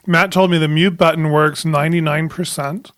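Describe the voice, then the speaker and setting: A man co-hosting a podcast in a small studio, chatting casually and rambling, quick to laugh. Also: on the high side, steady tone, fairly bright tone, dry recording. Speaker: podcast co-host.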